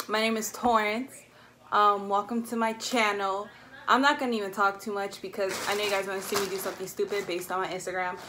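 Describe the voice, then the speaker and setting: A woman vlogger chatting casually and talking at the camera, chatty and self-mocking, quick to apologize. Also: on the high side, sharp tone, a little hiss or hum. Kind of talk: casual vlog chat.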